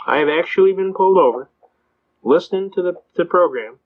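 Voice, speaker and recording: A man giving a storytelling lecture on legal rights, talking fast. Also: high voice, lively intonation. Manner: fast-talking, says he talks fast. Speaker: speaker teaching legal rights. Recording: dull lo-fi recording.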